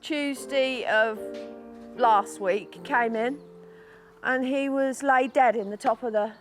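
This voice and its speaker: Give me a chatty English woman farmer who coos softly at her calves. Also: a little high, takes it slowly, soft background music. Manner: chatty, emotional, talks softly to animals. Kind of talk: casual chat on a farm.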